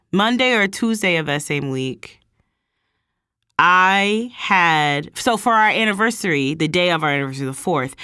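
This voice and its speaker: With a smooth voice, a woman on her own vlog tells a casual personal tale, animatedly acting out others' words in higher pitches. The recording is studio grade with no room sound.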